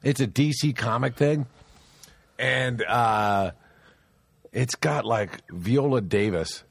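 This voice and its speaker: A man's voice: mid-range voice, slow, creaky, slightly rough, dry recording. A man hosting a crude, casual podcast chat, rambling through movie scenes with lots of swearing. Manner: rambling retelling of movie scenes, profane, laughing. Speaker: podcast host.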